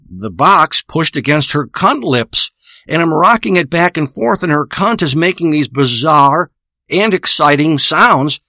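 A man's voice: fairly high pitch, sharp tone, no echo. A man delivering a rambling, profane, boastful spoken monologue into a close microphone. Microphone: close studio microphone.

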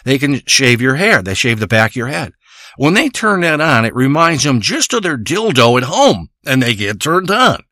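A man's voice: medium pitch, big pitch swings, moderate pace, pushed and bright, no echo, clean studio sound. A man delivering a crude, rambling comic monologue, ranting and swearing as he tells a story.

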